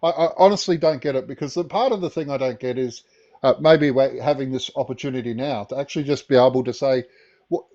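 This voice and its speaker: A man's voice: medium pitch, fast talker, warm tone, muffled recording. A man on a live stream panel debate, arguing emphatically and profanely and checking in with the listener. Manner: emphatic and profane, keeps asking "right?".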